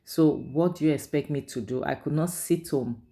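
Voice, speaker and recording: This woman's deep, mellow voice moves at normal speed as she casually recaps a drama series and gives her opinions. Her chatty manner is full of "like" and "you know."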